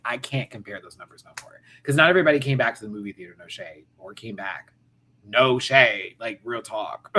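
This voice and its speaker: A man's voice: medium pitch, pushed and bright. A man in his thirties hosting a casual pop-culture rant, sassy and campy with frequent laughs. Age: 30s. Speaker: host.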